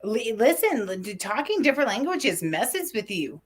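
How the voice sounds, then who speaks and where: A woman's voice: on the high side, big pitch swings, normal speed, slightly rough. A woman in her forties from New Mexico, co-hosting a casual chat show and telling rambling, tangent-filled stories. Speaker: co-host.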